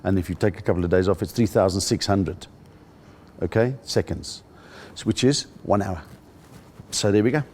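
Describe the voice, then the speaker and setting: Middle-aged man, South African accent, fairly low voice, lively comic storytelling, interview. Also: normal speed, pauses often, a little hiss or hum. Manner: animated storyteller, jumps into high-pitched voices for jokes. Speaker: stand-up comedian.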